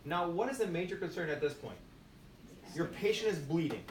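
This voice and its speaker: In an expressive, slightly fast voice that's somewhat high for a man, a nursing instructor leads a demonstration lecture. He emphatically repeats key phrases like a drill and peppers students with questions, heard from a distance in an echoey room with faint noise behind him.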